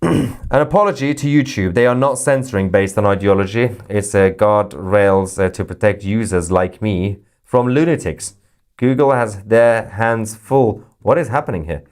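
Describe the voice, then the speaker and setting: A man hosting a live news stream, reading chat messages with sarcastic jokes and sudden high-pitched mock voices. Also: moderate pace, darkish tone. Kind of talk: casual live-chat commentary.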